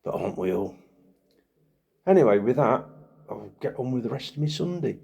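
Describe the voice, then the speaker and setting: A man's voice: mid-range voice, very animated, normal speed, creaky, mellow, breathy edge. A middle-aged man, telling wry rambling stories in a casual chat to camera. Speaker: vlogger.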